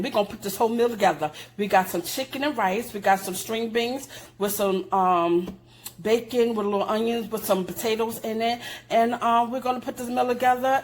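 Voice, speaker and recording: A woman's voice: fairly high pitch, a little hiss or hum, low-quality recording. An older woman hosting a casual cooking show in her home kitchen, chatty and homey, sending blessings to her viewers.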